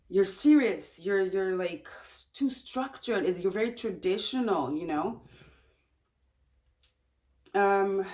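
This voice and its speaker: A woman's voice: mid-range voice, darkish tone. A woman giving a casual pick-a-card tarot reading, chatty and encouraging, often repeating her phrases. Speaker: tarot reader.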